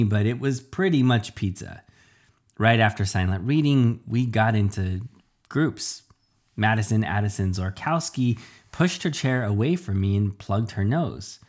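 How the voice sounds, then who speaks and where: A man tells a comic first-person story with a dry, deadpan delivery and self-deprecating timing. His voice sits on the low side, and he stammers here and there when the narrator gets nervous. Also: a little slow.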